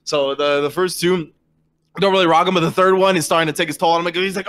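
A man running a tabletop game as game master, narrating with animated energy. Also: on the high side, very fast.

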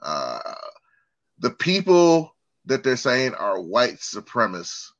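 Animated, bright-voiced ranting man. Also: mid-range voice, slow pace, highs cut off. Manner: animated, profane ranting with repeated restarts. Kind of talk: casual chat.

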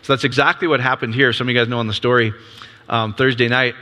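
A man in his fifties preaching in a relaxed, chatty way, his voice bright and forceful. He keeps tossing out rhetorical questions to the congregation, upbeat and easygoing. His words ring out with a long reverb through a church hall. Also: medium pitch, fast. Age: 50s. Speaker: ministry leader. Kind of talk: casual sermon.

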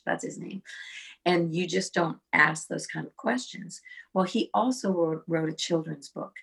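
A middle-aged woman with a low, gravelly voice and a husky, breathy edge. She tells animated stories as a podcast guest, often restarting her sentences. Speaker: songwriter guest. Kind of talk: casual podcast conversation.

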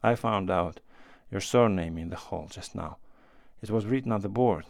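A man reading as a weary, worldly gentleman. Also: low voice, normal speed, gravelly, no room sound, clean studio sound. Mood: quiet.

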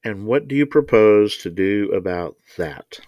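A man's voice: fairly low pitch, animated, measured pace, a little mellow, dry recording. A man voicing a blunt, mocking male labor boss in an audiobook reading.

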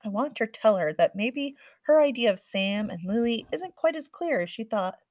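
A woman narrating a first-person audiobook in a quick, earnest storytelling manner. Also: fairly high pitch, expressive, darkish tone, no echo.

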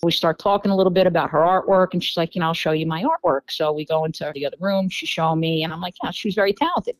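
A woman with a New York accent telling a dating story in a casual podcast interview, animated and full of fillers, acting out quoted dialogue. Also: fairly low pitch, quick pace, no room sound, poor audio. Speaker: podcast guest.

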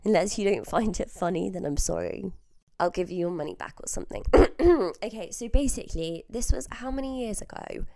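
Speaking very close to the mic, an unwell young southern English woman in her early twenties hosts a podcast, chatting casually through stories with frequent laughter and the occasional whisper. Her mid-range voice is a little fast, creaky and darkish. The studio sound is clean, with no room sound.

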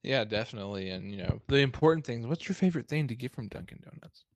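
A man's voice: medium pitch, animated, quick pace, no echo. Upbeat, joking male host, dry sound. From Texas. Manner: upbeat, jokey, laughs often. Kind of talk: casual chat.

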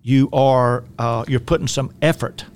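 A man's voice: medium pitch, steady tone, a little slow, a little mellow. Folksy man with a Southern drawl. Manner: folksy, rambling, with frequent restarts and fillers. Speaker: life coach and radio host. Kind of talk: faith-based talk radio teaching.

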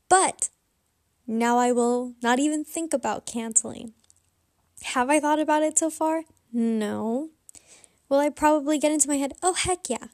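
A young woman with a bright, high voice shares a candid story in a casual confessional vlog. She rambles and reflects on herself as she goes. The recording is dry and close, with no room sound. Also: dry recording. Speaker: vlogger.

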